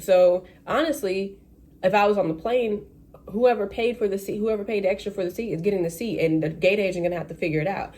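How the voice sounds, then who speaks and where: Animated woman ranting. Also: mid-range voice, fairly quick. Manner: animated, acts out voices of people in the story. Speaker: vlogger; flight attendant. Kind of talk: casual storytime rant.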